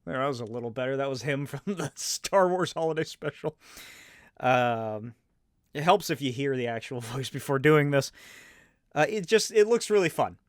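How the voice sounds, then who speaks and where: A man's voice: medium pitch, expressive, normal speed, no echo, clean studio sound. A man in his thirties chatting casually and rambling as host of a solo show, swearing and laughing often. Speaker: podcast host.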